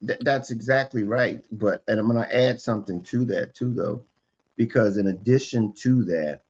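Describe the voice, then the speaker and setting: A man's voice: medium pitch, normal speed, a little mellow, slightly rough, highs cut off. A man, a guest relationship expert on a podcast, explaining emphatically and restating his points again and again.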